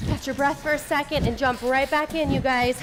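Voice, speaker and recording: A woman's voice: sits high, steady tone, fairly quick. A woman leading a follow-along workout, coaching with upbeat encouragement while getting out of breath. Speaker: fitness instructor. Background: workout music.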